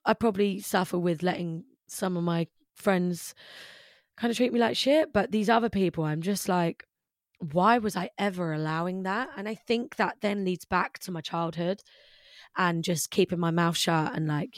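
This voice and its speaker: In clean, dry studio audio, a fairly low-pitched woman's voice speaks at a moderate pace. She's a young British musician guest in a candid personal conversation, rambling openly about her life with lots of "like"s.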